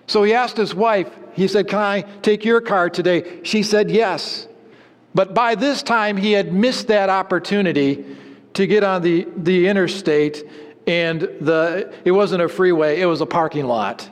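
A man preaching a sermon, telling an illustrative story and dropping to low, quiet emphasis on key words. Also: moderate pace, long reverb tail.

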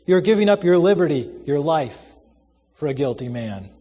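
A man's voice: on the high side, very animated, normal speed, warm tone, slightly rough, big-room sound. A man voicing an earnest, urgent young woman. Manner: urgent, persuasive, pleading.

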